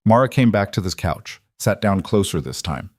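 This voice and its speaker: Low-voiced man narrating a story. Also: lively intonation, moderate pace, darkish tone, no echo, studio quality. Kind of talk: scripted narration.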